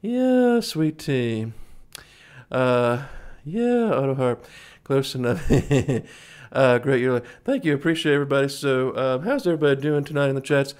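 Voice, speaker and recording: A man's voice: medium pitch, moderate pace, darkish tone, smooth. A man in his forties hosting a music livestream, chatting casually between songs in a folksy, rambling way and calling his viewers folks. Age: 40s.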